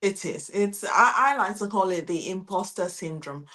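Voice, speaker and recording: A middle-aged woman, an international teacher, giving calm, reflective advice as a guest in a podcast interview. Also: mid-range voice, moderate pace. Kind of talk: casual interview chat.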